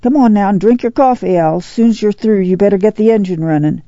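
A woman's voice: mid-range voice, a little fast, mellow, no room sound, pitched above the performer's own voice, natural voice. A reader voicing a weary, determined older farm mother who gives orders in a firm rural drawl. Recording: dull, dry lo-fi audiobook.

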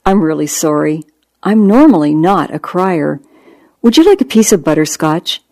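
Soft apologetic dying lady, kinda teary, as the reader puts her on, dry close sound. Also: deep voice, animated, normal speed, dry recording. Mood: sniffling. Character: dying middle-aged woman, gracious and polished. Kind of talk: audiobook narration.

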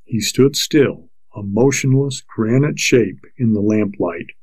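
A man narrating a novel in a measured, unhurried storytelling manner. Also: lowish voice, a little mellow, husky, no echo, poor audio. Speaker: audiobook narrator. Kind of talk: scripted narration.

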